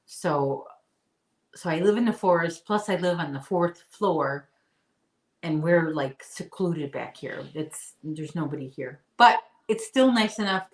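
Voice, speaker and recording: A woman's voice: deep voice, expressive, unhurried, roomy sound, rough recording. A woman in her late forties hosting a casual live chat, talking to her viewers and her dog. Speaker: livestream host. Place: apartment room.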